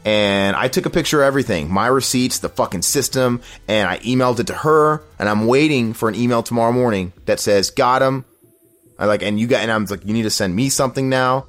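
A man's voice: mid-range voice, quick pace, few pauses. A man hosting a podcast, telling a long, profane complaint story in casual chat and mocking the people he quotes. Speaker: podcast host.

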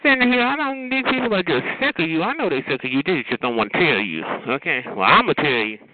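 A man's voice: a little high, sing-song, quick pace, dry recording. A man in a sassy, profane comedic rant, scolding listeners and calling them honey and child. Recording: tinny phone-like radio audio.

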